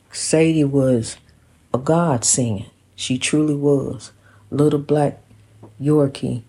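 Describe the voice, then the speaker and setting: A woman's voice: rumbling low, darkish tone. A woman talking straight to camera in a personal testimony, preachy and repetitive, often calling the listener honey. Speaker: vlogger.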